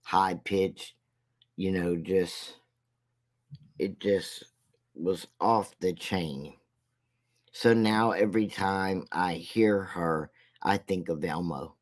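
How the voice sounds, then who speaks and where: A man with a fairly low voice talks very slowly through a casual commentary rant. He rambles and mocks, stopping and restarting his sentences as he goes. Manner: slow, rambling and mocking, with halting restarts. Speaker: commentary vlogger.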